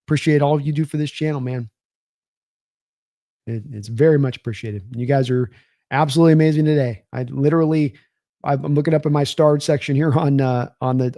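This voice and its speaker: A man's voice: medium pitch, warm tone, dry recording, clean studio sound. A young man hosting a live football stream, rambling casually, reading viewer comments aloud and thanking them by name. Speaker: sports livestream host.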